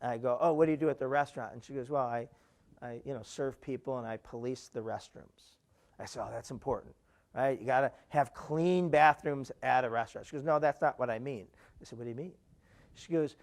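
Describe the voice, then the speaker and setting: A man giving a live keynote talk, animated, often asking "right?" and acting out quoted voices. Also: a little fast. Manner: animated, repeats "right?" to engage the audience; acts out quoted voices with big pitch jumps. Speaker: keynote speaker.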